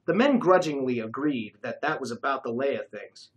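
A narrator reading a comic caper story aloud, expressive and lively. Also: medium pitch, moderate pace, hardly any pauses, breathy edge, low-quality recording.

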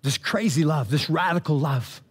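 A man's voice: on the high side, normal speed, husky. A man, a pastor, preaching a casual sermon and retelling scripture in loose, slangy, chatty language with many restarts.

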